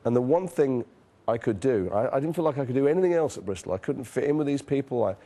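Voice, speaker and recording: Talking fast in an expressive, mellow, medium-pitched voice, this man in his forties recounts reflective interview anecdotes. He's an actor with a northern English accent, and his storytelling is frank and self-deprecating, with casual swearing.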